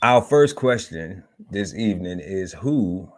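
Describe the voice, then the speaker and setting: A man hosting a live talk podcast, welcoming his panel and leading the discussion in a relaxed, easygoing way. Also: deep voice, unhurried. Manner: relaxed, repeats and restarts, leads with set segments. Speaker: podcast host.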